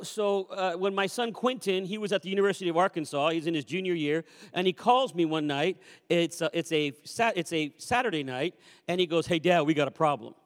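High-voiced preacher man in a reverberant church. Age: 50s. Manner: animated, swings between loud calls and quiet asides. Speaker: pastor. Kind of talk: sermon with storytelling. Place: church sanctuary. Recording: long reverb of a church hall.

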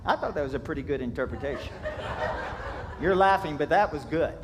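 A man's voice: a little high, expressive, fairly quick, noisy background. A man from Kentucky, preaching a sermon in a folksy, jokey storytelling way, acting out sound effects. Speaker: pastor.

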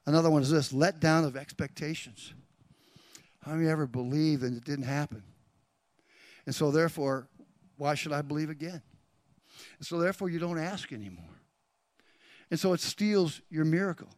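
Speaking straight to the congregation and calling people by name, a male pastor swings between hushed whispers and loud climaxes. His voice is on the high side at a normal speed, he pauses often, and the recording is dry.

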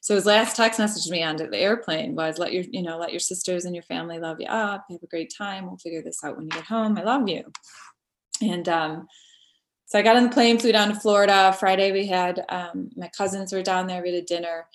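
A middle-aged woman recounting a personal story as an interview guest, halting and tender with many pauses and restarts. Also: lowish voice, fairly even intonation.

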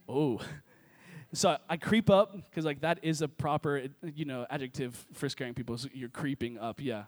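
High-voiced energetic young pastor. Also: male voice, normal speed. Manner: energetic, joking storyteller. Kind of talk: sermon. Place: church service with congregation.

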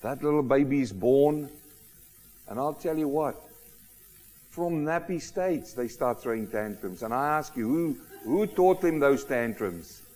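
A man preaching a sermon, emphatic and animated, often asking rhetorical questions of the congregation. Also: medium pitch, unhurried. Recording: long hall reverb.

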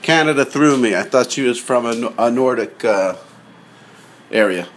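A man's voice: medium pitch, lively intonation, normal speed, a little hiss or hum. A man hosting a podcast, talking in a chatty, digressive way and often cutting himself off while he sits in a car. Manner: chatty, digressive, self-interrupting. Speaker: podcast host. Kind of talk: casual rambling monologue.

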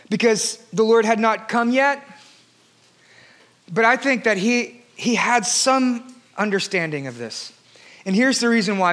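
Pastor guy preaching, really high voice, shouts then drops way down soft. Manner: swings from loud shouted preaching to hushed quiet delivery. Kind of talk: sermon.

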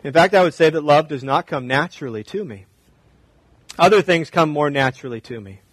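A man preaching a sermon as pastor in a church, repeating short phrases and swinging from loud emphasis down to hushed, quiet lines. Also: fairly high pitch, expressive, brisk, no echo.

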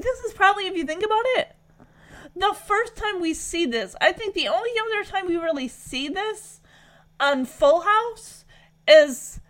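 A young woman with a high, light voice talks through a TV episode in a casual, rambling way. She is emotional and leans on fillers as she retells it. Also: fairly bright tone. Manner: chatty and emotional, with many fillers. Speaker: show reviewer. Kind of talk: casual chat recapping a TV episode.

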